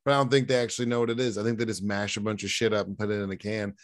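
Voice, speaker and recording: A man's voice: lowish voice, level tone, rapid-fire. A man co-hosting a podcast, chatting in a laid-back way, swearing and laughing along. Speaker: podcast co-host. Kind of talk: casual chat.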